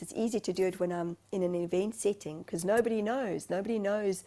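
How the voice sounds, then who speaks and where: A woman's voice: medium pitch, fairly even intonation, fairly quick, few pauses, warm tone. A talkative woman, a spiritual medium telling her story in a rambling, emotional way as a guest on an interview show. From South Africa. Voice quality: talkative, self-described motor mouth. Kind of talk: candid interview conversation.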